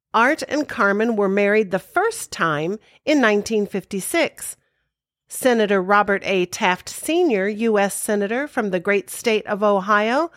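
A woman with a mid-range voice co-hosts a podcast, giving a casual recap that's chatty and informative as she recites trivia with playful asides. The recording is studio quality with no echo.

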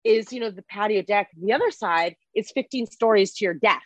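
An animated young woman, telling stories from film sets in a casual interview. She laughs often and swears freely. Her voice sounds dry and a little dull, as if recorded close on a modest mic. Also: medium pitch, fairly quick, no room sound. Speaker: guest, film crew and actress.

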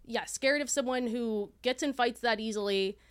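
A woman's voice: a little high, moderate pace, clear, resonant tone. A young woman from Texas co-hosting a podcast in casual chat, hesitant and full of "like", swearing freely. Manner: chatty, hesitant, heavy use of "like", swears freely. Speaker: podcast co-host.

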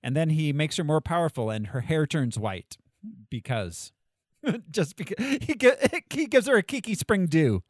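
A man co-hosting a casual movie review podcast, animated and quick to laugh. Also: on the high side, no echo, studio quality. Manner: animated, laughs often, jokey quotes. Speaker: podcast co-host.

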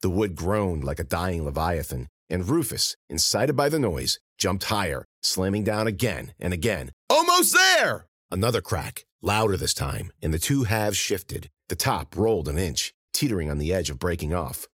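A man narrating an audiobook in an expressive, animated reading style. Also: deep voice, moderate pace, few pauses, slightly rough, no echo.

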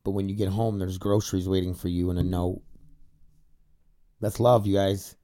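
Seated in an indoor studio set in front of a camera, a young male podcaster opens up in a confessional vlog. His low, mellow voice stays at normal speed with little pitch movement as he rambles, swears, fills pauses, and sometimes gets tearful.

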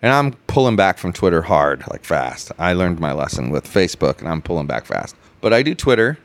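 A man hosting a casual podcast chat, ranting in an animated, sarcastic way with many restarts. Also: low-pitched, brisk. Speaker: podcast host.

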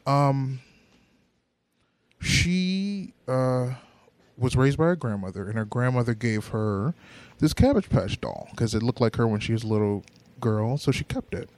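A man's voice: mid-range voice, animated, a little slow, darkish tone. A young man co-hosting a podcast, telling a dating story in a rambling, hesitant way full of fillers. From Buffalo, New York. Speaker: podcast co-host. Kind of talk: casual chat.

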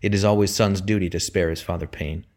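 A proud, defiant young gentleman speaks in a deep, low voice, as a man reading a storybook puts him on. He talks earnestly, with a stilted formality that barely masks his anger. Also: steady tone, fast, lightly acted. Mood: cold formal. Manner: earnest pleading, then cold stilted formality.

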